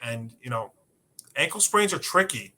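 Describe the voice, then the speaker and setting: A man with a bright, ringing voice talks through football injuries and betting picks in a relaxed podcast chat. He leans on fillers but states his picks with confidence. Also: medium pitch, moderate pace. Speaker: sports podcast co-host. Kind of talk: casual sports betting talk.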